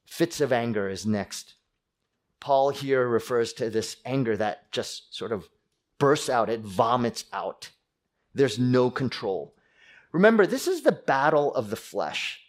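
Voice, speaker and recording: A middle-aged man preaching a sermon as pastor, animated, acting out angry voices with sudden loud bursts. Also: mid-range voice, a little slow.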